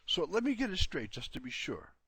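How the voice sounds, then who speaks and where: A man's voice: on the high side, wildly swooping pitch, a little fast, a bit bright, husky, no echo, clean studio sound, voice pushed up, full character voice. A man voicing an earnest, curious young boy who asks a lot of questions.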